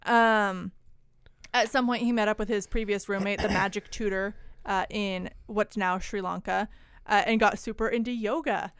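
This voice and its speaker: A woman's voice: mid-range voice, steady tone, moderate pace, clean tone, dry recording. Wry, chatty woman podcaster. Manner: wry, chatty, many fillers. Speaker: podcast co-host. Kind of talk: casual storytelling chat.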